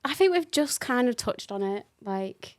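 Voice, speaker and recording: A woman's voice: a little high, animated, moderate pace. Chatty woman guest. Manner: chatty and self-deprecating, laughs often. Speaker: podcast guest, digital marketing manager. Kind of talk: casual podcast chat.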